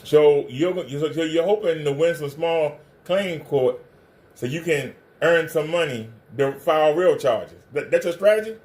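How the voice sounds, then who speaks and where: A man's voice: a little high, a little slow, darkish tone. A man hosting a livestream, ranting confrontationally and hammering the same pointed questions. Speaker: livestream commentator.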